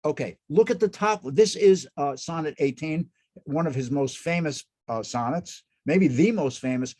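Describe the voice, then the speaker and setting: A man's voice: on the high side, a little fast, darkish tone. A man lecturing as a cantor in an informal talk, enthusiastic and often restarting his sentences. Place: synagogue hall.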